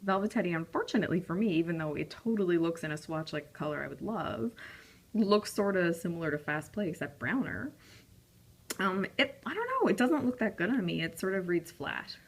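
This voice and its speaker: A woman's voice: on the low side, expressive, a little fast. A young woman casually reviewing lipstick swatches, chatty and rambling, with frequent ums and apologies. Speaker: beauty vlogger.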